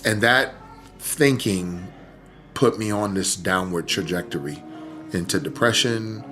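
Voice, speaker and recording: Deep-voiced man telling a tearful story. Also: unhurried, sharp tone, soft background music. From Texas. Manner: earnest, voice catching with tears. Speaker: podcast guest, rapper. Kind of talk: emotional personal storytelling.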